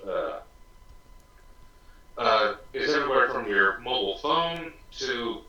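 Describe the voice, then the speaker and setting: A man's voice: medium pitch, animated, takes it slowly, sharp tone, highs cut off. An American man co-hosting a casual podcast, reading web info aloud with dry asides. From United States. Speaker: podcast co-host. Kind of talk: casual chat. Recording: echoey room, mic at a distance.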